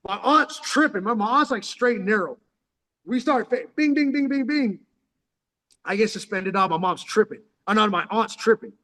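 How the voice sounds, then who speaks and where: A man's voice: sits high, normal speed, sharp tone. A man from San Diego, telling rambling street stories into his phone in profane slang, calling the listener "dog" constantly. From San Diego, California. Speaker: vlogger telling life stories. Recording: long hall reverb.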